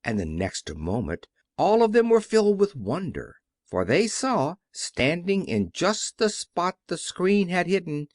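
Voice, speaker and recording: A man narrating a classic children's story as an audiobook with expressive storytelling. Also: on the high side, no echo, studio quality. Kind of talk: scripted narration.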